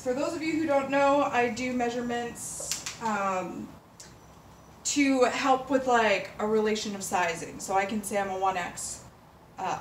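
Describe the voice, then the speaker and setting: A woman's voice: fairly high pitch, a little hiss or hum. Bubbly woman vlogging in a roomy apartment. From Canada. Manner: rambling, emotional, bubbly with sudden bursts of excitement. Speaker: fashion vlogger. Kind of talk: casual chat to camera. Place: apartment room with door open, city sirens outside. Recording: roomy, mic at a distance. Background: faint city ambience.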